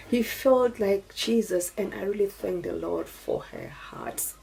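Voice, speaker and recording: A middle-aged Namibian woman with a Namibian accent tells a personal testimony to camera as a YouTuber, earnest and preachy, thanking God often. Her gravelly, slightly mellow mid-range voice swings widely in pitch, runs a little slow, and has few pauses. The low-quality recording carries a little hiss or hum.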